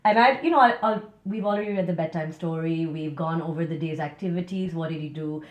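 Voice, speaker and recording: A woman co-hosting a relaxed chat, talking quickly and animatedly as she tells a story from home. Her voice carries some echo from the room she is in, and she slips Hindi-Urdu phrases in now and then. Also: low voice. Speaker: podcast co-host. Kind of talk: casual chat.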